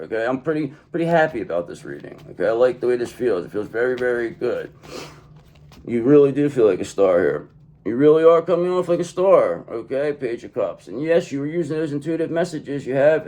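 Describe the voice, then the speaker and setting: A man's voice: on the high side, darkish tone. A man giving a tarot reading to the viewer, speaking emphatically and tagging nearly every point with "okay?". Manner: emphatic, keeps adding "okay?" after each point. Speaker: tarot reader.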